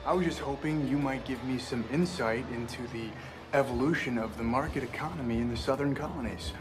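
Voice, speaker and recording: An actor playing a smug young graduate student who talks down to others with showy academic wording. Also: male voice, mid-range voice, brisk, noisy background, lightly acted. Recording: film audio with music underneath.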